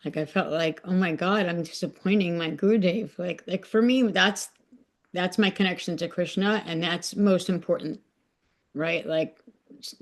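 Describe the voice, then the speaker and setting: A woman's voice: on the low side, vocal fry. A woman on a podcast sharing a personal devotional story, talking emotionally and rambling with many fillers. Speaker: podcast guest. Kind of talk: casual heartfelt sharing.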